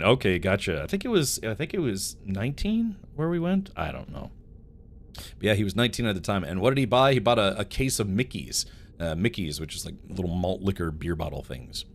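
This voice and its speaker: Streaming a game live, a man with a lowish, fairly bright voice speaks at normal speed but very animatedly. He addresses his chat directly, wandering through long stories and laughing frequently.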